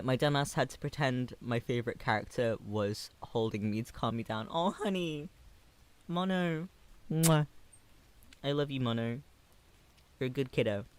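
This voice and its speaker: At a medium pitch, a man in his 20s streams live and reads out chat messages with tender affection and hesitant pauses.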